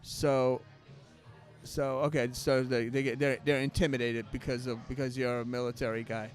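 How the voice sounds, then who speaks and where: A male co-host asking halting questions with many restarts, interviewing a guest. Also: medium pitch, level tone, faint music behind. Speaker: podcast co-host.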